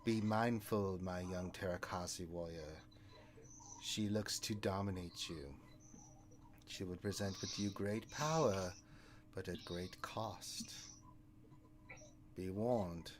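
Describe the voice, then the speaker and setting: A stern, commanding female Sith master who speaks slowly and gravely, played by a man running a tabletop game. Her voice sits low and unhurried.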